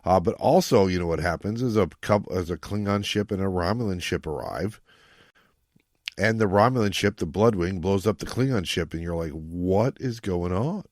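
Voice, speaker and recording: Man, very low voice, casual rambling podcast talk, dry recording. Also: fairly quick, a little mellow, no room sound. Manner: rambling, many fillers and restarts. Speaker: podcast co-host. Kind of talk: casual book discussion.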